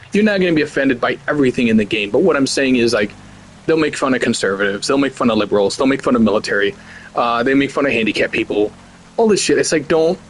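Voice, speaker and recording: A man's voice: mid-range voice, slight background noise. A man in his forties giving a blunt, profane, heated rant as the host of a gaming channel. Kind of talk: ranting commentary over gameplay.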